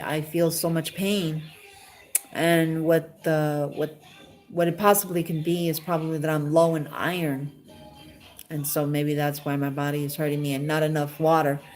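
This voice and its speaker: A woman chatting casually on a live stream, talking straight to a viewer and asking the same questions again and again in a rambling, emotional way. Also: sits low.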